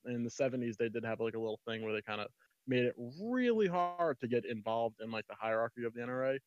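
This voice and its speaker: Fast-talking man on a dull mic. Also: mid-range voice, expressive, clear, resonant tone, dry recording. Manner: rambling, emphatic, profane. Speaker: panel guest. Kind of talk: casual debate chat.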